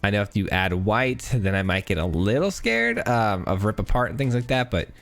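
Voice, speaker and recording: A man's voice: lowish voice, a little fast, fairly bright tone, faint music behind. A male gaming host with a stuffy nose, giving casual, chatty commentary while he plays and thinks aloud. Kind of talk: gameplay commentary.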